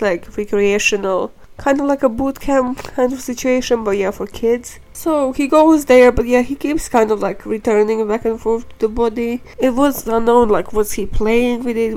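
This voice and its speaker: A woman's voice: on the high side, a little mellow, low-quality recording. A woman hosting a true crime podcast, telling the case in a casual, chatty and irreverent way, swearing and filling her talk with "like".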